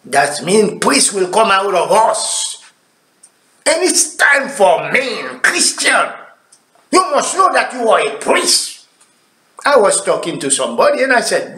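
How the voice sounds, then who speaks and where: A man preaching a sermon in a slow, deliberate delivery, his voice climbing high and swooping widely. He swings from emphatic declarations to hushed asides. The sound carries a noticeable echo. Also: sing-song. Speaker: pastor.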